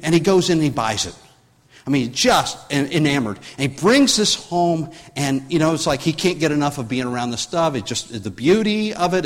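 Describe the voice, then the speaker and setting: A man's voice: a little high, in a large hall. A man preaching a sermon, telling a story with many restarts and rising in force when he drives home his point. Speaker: pastor.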